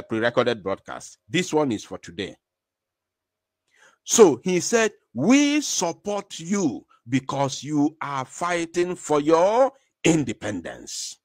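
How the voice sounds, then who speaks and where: Emphatic Nigerian man, animated delivery. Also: medium pitch, no echo, clean studio sound. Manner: emphatic, repetitive, rhetorical questions. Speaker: live-stream commentator. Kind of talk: impassioned live commentary.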